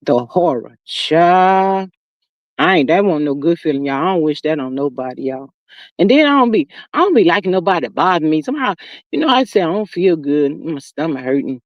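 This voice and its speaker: A middle-aged woman hosting a livestream, chatting casually with viewers and reading their comments in an animated, talkative way. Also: fairly low pitch, fairly quick, dry recording, highs cut off. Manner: chatty and animated, calls viewers "child" and "y'all". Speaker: livestream host. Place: sitting outdoors.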